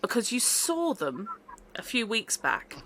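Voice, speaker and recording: A woman's voice: on the high side, huge pitch swings, unhurried, pushed and bright. A woman running a tabletop horror game as game master, chatty and informal, laughing often, over a video call.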